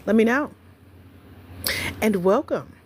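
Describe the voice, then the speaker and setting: Black lady doing a phone livestream, super lively voice, chatty n playful, little hiss behind her. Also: a little high, slow. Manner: chatty, playful, talks straight to viewers. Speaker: livestream host, grants coach. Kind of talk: casual livestream chat.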